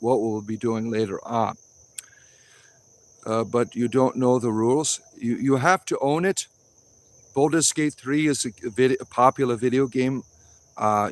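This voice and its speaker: Recorded in a wooded grove, this man hosts a casual livestream and responds to chat messages at a typical mid pitch. His replies are blunt and offhand, often drifting into small preachy sermons.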